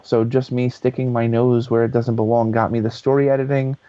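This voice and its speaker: A man guest on a podcast telling a story in a lively, casual way, swearing freely. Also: medium pitch, brisk, no room sound. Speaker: guest, author and voice actor. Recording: dull lo-fi podcast audio.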